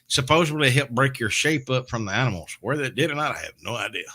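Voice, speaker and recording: Host, bright tense voice, folksy halting storytelling. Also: male voice, mid-range voice, animated. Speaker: podcast host. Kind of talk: casual chat.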